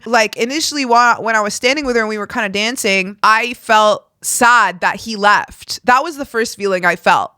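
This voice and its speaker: A woman's voice: medium pitch, sharp tone, dry recording, studio quality. A woman hosting a podcast alone, telling a personal story in a frank, profane way and acting out the lines of the people in it. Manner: frank and profane, acts out quoted dialogue. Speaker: podcast host. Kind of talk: candid solo storytelling.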